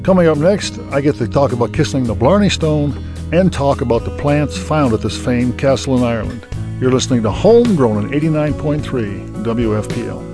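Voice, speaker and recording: Folksy radio gardening host. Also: male voice, medium pitch, expressive, fairly quick, over music. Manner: folksy, jokey, self-deprecating. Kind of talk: radio interview and presenting. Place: outdoor castle gardens.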